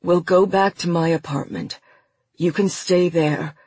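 A desperate man begging his lover to stay, as a narrator voices him. The voice is slow and husky, urgent underneath, recorded dry and close. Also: medium pitch, steady tone, a little mellow, no echo. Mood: pleading. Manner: pleading, urgent. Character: desperate man, pleading then furious lover.

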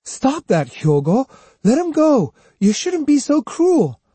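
A man voicing a gentle, caring young woman in an audiobook, speaking softly and earnestly. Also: sits high, big pitch swings, moderate pace, breathy edge, dry recording, pitched above the performer's own voice, heavily acted. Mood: pleading. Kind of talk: audiobook character voice.

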